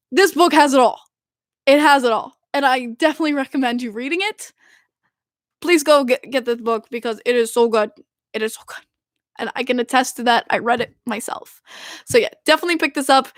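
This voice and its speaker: A young woman hosting a hockey podcast, excitable and giggly, rambling with frequent restarts like a self-declared fangirl. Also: high-pitched, no room sound, clean studio sound. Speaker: podcast host. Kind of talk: casual chat.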